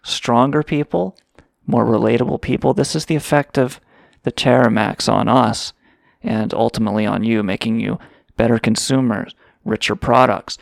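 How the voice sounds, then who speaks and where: A man's voice: medium pitch, fairly even intonation, normal speed, vocal fry, no echo, studio quality. A man co-hosting a comedic podcast, with profane, sarcastic banter and mock sponsor patter. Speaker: podcast co-host.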